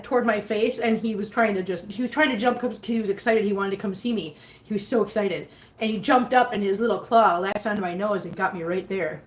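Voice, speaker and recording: Chatty woman cooing to her cats. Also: on the high side. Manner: chatty, coos baby talk to her cats. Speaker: vlogger reading live chat. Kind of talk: casual livestream chat.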